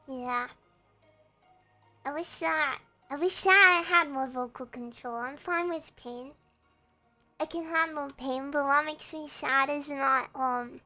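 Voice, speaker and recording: A young woman streaming, with a hoarse, croaky voice, chatting hesitantly and reading viewer messages aloud. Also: sits high, sharp tone. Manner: slow, hesitant, reads chat aloud and answers. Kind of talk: casual chat with viewers.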